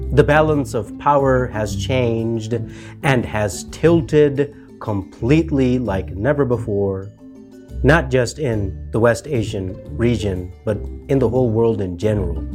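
A man's voice: medium pitch, darkish tone. A man giving a rambling, casual monologue commentary, full of fillers and mocking asides. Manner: rambling, heavy with fillers, mocking put-on voices. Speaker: political commentator.

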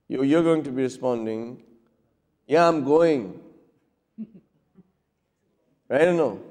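A man's voice: a little high, a little mellow. A man teaching a class, asking the listeners questions and acting out short examples. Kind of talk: classroom lecture. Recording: long hall reverb.

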